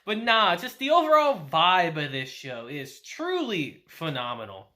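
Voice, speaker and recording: A man's voice: high-pitched, wildly swooping pitch, measured pace, sharp tone. A young man casually recapping and reviewing an anime episode, chatty and laughing often.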